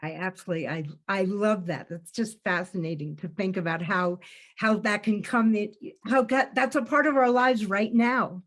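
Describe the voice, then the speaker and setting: A woman's voice: medium pitch, moderate pace. A woman co-hosting a video call conversation, enthusiastic and effusive. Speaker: co-host.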